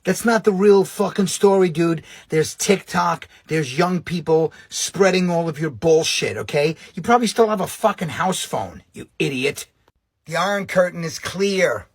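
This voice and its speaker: A man's voice: fairly high pitch, animated, moderate pace, breathy edge, no room sound. A man in an exasperated, profane rant to camera, mocking his target.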